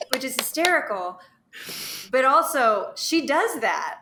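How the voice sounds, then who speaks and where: Bright high-voiced woman, chatty and giggly. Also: expressive, a little slow, a little hiss or hum. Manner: chatty, giggly, trails off mid-thought. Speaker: podcast guest or co-host. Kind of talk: casual chat.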